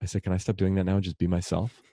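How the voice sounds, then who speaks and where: Middle-aged male author, fast and animated storyteller, lowish voice, dry close sound. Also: no echo. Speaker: author and speaker. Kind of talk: conversational storytelling.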